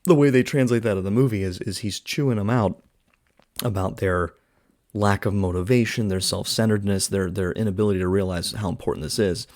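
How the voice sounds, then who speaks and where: A man with a low, deep voice talks through a film review in a loose, chatty way. He leans on filler words and slips into quoted lines as he retells scenes. The recording is close and dry, with no room sound. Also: fairly quick, a little mellow, no echo. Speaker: podcast host reviewing a film. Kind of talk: casual film review monologue.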